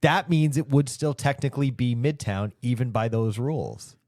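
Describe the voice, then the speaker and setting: A man co-hosting a comedy podcast, chatting casually in an animated, rambling way. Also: medium pitch, normal speed, no room sound, clean studio sound. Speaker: podcast co-host.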